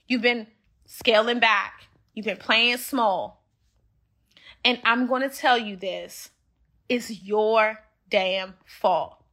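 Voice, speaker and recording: A woman's voice: a little high, pushed and bright. A woman hosting a motivational livestream, talking straight to her listeners in a preachy, repetitive way. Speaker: host of a motivational show.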